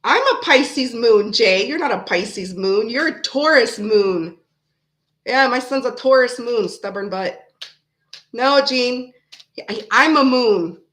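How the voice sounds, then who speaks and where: A woman's voice: a little high, animated, takes it slowly, a bit bright. Chatty, rambling woman tarot streamer. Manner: chatty, rambling, frank, laughs often. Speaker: live-stream tarot host. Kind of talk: casual live-stream chat.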